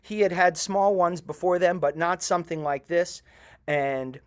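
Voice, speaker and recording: Earnest halting male storyteller. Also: sits high. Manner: earnest, halting, with many pauses. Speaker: storyteller at a community event. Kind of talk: personal storytelling to a live audience.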